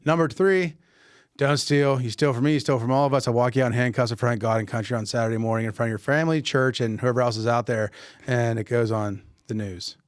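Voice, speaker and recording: Speaking quickly in a clear, resonant mid-range voice, a man tells a lively story on his podcast, performing the dialogue and often starting sentences over. It's a clean studio recording without room sound.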